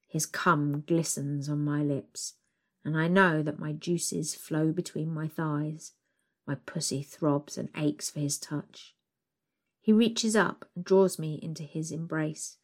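Woman, young adult, deep voice, soft breathy reading, intimate first-person story. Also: steady tone, takes it slowly. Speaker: narrator.

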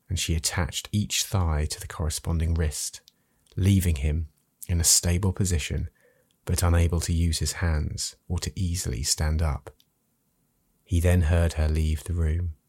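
A man narrating an erotic story in a slow, measured, hushed delivery. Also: sits low, no room sound, clean studio sound.

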